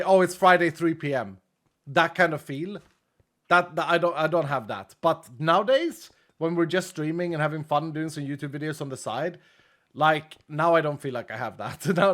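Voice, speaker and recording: Here a male streamer speaks at normal speed with a slightly bright voice, keeping things restrained because his cracked rib won't let him push. Casual and chatty, he works through donations, thanking each viewer in turn.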